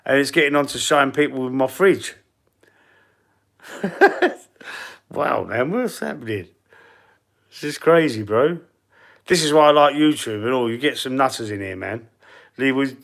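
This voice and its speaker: A man from London, England, speaking with a London accent and a medium-pitched, fairly bright voice, chats casually on a live stream as a football fan. He reads out comments, rambles, laughs often and sometimes swears.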